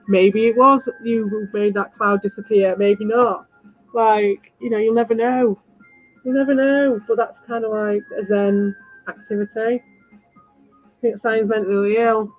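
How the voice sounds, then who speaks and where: A woman hosting a livestream, talking bluntly and rambling to her viewers with a lot of swearing and confrontation. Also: a little high. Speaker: livestream host. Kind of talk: rambling live chat to viewers. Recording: dull lo-fi with faint music.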